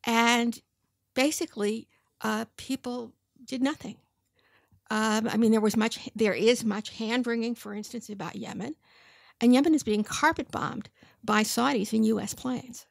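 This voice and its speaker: A woman in her seventies, an audience member at a book talk, asking a question thoughtfully with hesitant pauses. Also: fairly high pitch, steady tone, gravelly, dry recording, clean studio sound. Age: 70s. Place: bookstore event room.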